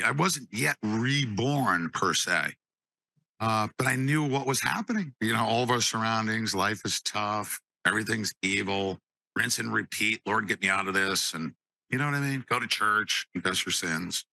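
A man with a low, gravelly voice tells a personal testimony, stumbling over and repeating words as emotion catches him. His tone is bright and forward, and the sound is close and dry. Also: lively intonation, dry recording. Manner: halting, repeats words, choked up. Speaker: guest giving a testimony.

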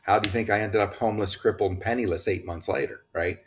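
Deep-voiced man giving urgent warnings. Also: quick pace, slight background noise. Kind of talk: impassioned political talk.

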